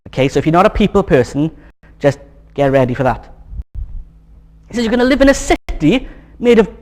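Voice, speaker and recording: A man with a notably high voice preaching to his congregation in a chatty, joking way. He keeps coaxing the room to get excited and talks like he's among friends. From Wales. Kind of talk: sermon. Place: church hall.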